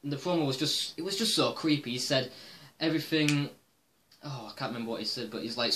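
A man's voice: mid-range voice, quick pace, fairly bright tone, slight background noise. A man giving his opinions on wrestling in a casual vlog monologue, rambling and swearing with lots of "um" fillers. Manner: rambling and profane, with frequent "um" fillers. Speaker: wrestling commentary vlogger.

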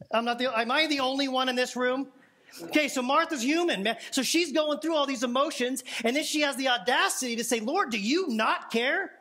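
A man's voice: high-pitched, a bit bright. A man preaching a sermon as pastor, in a conversational, playful way that asks questions of the congregation. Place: church sanctuary.

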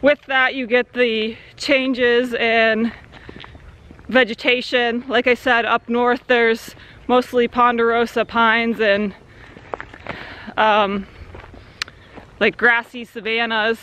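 A woman's voice: a little high, little pitch movement, slow, long pauses, fairly bright tone, a little hiss or hum. A young woman from Central Arizona, talking casually in a rambling vlog by a creek swimming hole, with many fillers. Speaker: vlogger. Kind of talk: casual outdoor vlog talk.

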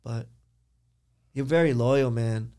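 A man retelling a story, quoting a calm, soft-spoken stranger in a quiet, low, measured voice. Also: close to an everyday voice. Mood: calm, earnest.

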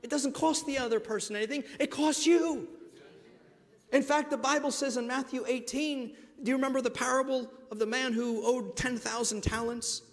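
A man pastor delivers an emphatic sermon in a high voice. He swings from loud to hushed passages and calls the congregation his friends. His voice rings with the long reverb of a church hall. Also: steady tone, normal speed. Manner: addresses the congregation directly as friends. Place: church sanctuary.

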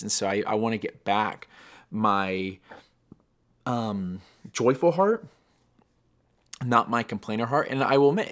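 A man hosting a daily devotional podcast, speaking in an earnest, reflective way that turns emotional at times. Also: on the low side.

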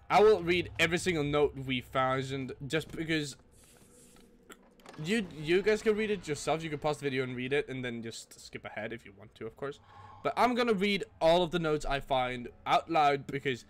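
A man's voice: on the high side, lively intonation, moderate pace. A young man giving casual gameplay commentary, jumpy and full of swearing and exclamations. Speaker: gameplay host.

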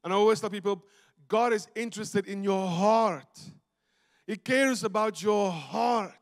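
South African preacher with a high voice in a church hall. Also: male voice, unhurried. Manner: storytelling preacher, swings from loud to hushed. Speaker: pastor. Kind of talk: sermon. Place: church sanctuary.

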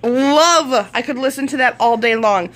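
A woman's voice: on the high side, a little slow, a bit bright. A woman from Wisconsin in her thirties, chatting in a giggly, gushing way as she shows off mail in a vlog. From Wisconsin, United States. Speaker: vlogger showing mail. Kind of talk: casual show-and-tell vlog.

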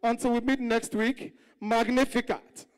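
Loud host in a reverberant hall. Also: mid-range voice, level tone, measured pace, clear, resonant tone. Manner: loud and repeats phrases. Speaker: show host. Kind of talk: live show announcing.

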